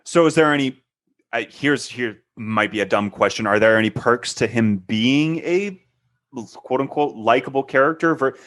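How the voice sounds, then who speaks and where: A man's voice: medium pitch, moderate pace, a bit bright. A man co-hosting a casual chat, asking questions with a joking, playful manner.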